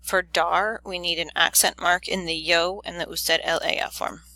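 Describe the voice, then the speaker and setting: Woman teacher, low-ish voice, unhurried methodical delivery, dry close sound. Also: dry recording. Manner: methodical, steady step-by-step explaining; corrects own slips quickly. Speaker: Spanish teacher. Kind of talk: recorded grammar lesson.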